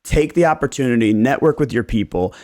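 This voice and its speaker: A man's voice: medium pitch, a little fast. A man, hosting a casual podcast chat, telling stories and acting out clients' lines with loose swearing. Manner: animated storyteller who acts out clients' lines, profane. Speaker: real estate agent and podcast host.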